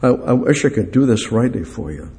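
An older male preacher delivering a sermon and then a prayer. He reads scripture aloud and swings between raised, emphatic bursts and soft, low phrases. His voice sits at a middling pitch. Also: expressive, a little fast.

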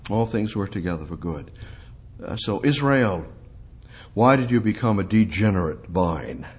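A male preacher delivering a sermon, asking rhetorical questions and building up to emphatic, high-pitched peaks. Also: lively intonation, a little slow, slightly rough.

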